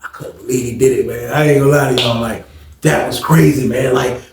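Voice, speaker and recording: Man, gravelly voice, animated street storytelling, echoey room. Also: mid-range voice, brisk, a little hiss or hum. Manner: animated, acts out quotes and sound effects. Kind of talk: casual storytelling.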